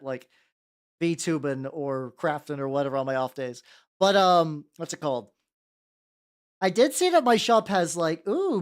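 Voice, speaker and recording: This is a VTuber host chatting loosely on a livestream while painting miniatures. The talk wanders between topics, greets viewers one by one and throws in casual curses, all in a mid-range pitch. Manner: rambling, greets chat by name, swears casually.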